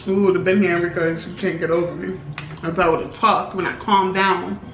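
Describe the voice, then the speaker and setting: A young woman, telling a story in animated, slangy style while eating, often laughing. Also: on the low side, a little fast, far from the mic, dull audio. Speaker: vlogger, co-host. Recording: roomy, off-mic, faint background hum.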